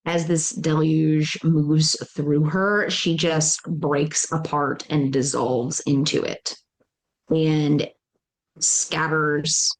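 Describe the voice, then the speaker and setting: Woman, player, very low voice, slow, thoughtful, reflective. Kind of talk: describing her character's fate in a tabletop game.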